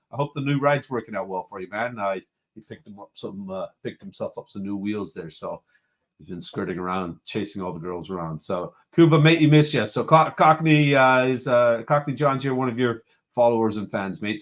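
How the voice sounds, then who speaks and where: A man hosting a casual live-stream show from home, cheerfully greeting chat viewers one after another. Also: mid-range voice. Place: home room with a computer.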